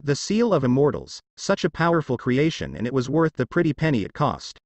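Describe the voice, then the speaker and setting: Calm, cruel king of gods, taunting, read by a man. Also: mid-range voice, brisk, creaky, no room sound. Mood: scornful.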